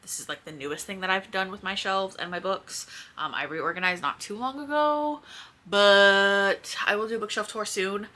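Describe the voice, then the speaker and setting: A woman's voice: mid-range voice, bright, forceful tone. A woman, chatting casually and rambling at home by her bookshelves, speaking toward a camera and swearing now and then. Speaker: book vlogger. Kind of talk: casual chat. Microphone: camera in front.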